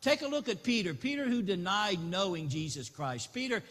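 A man preaching an impassioned sermon that swells into loud appeals. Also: sits high, big pitch swings, moderate pace. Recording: long reverb in a large hall.

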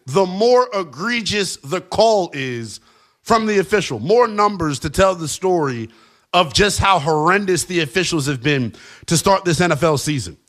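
Male sports talk host, high lively pitch, emphatic opinions. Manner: animated, emphatic ranting.

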